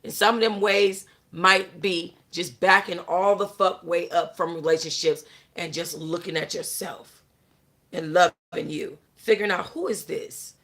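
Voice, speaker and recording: A woman's voice: lowish voice, steady tone, a little slow, fairly bright tone. A young adult woman hosting a casual chat, bluntly lecturing her viewers with lots of profanity and a constant "you know what I'm saying". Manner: talks straight to the audience, answers chat. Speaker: host.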